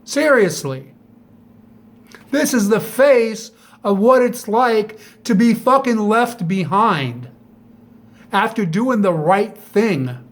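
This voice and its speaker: Angry middle-aged man, high voice. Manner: bitter, profane, sharp rhetorical jabs. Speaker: vlogger. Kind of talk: angry monologue to camera.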